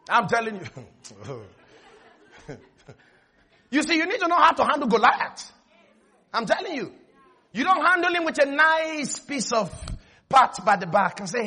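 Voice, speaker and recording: High-voiced, fiery preacher man. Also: unhurried, pauses often. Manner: animated, shouting, laughing. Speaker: pastor. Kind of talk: sermon.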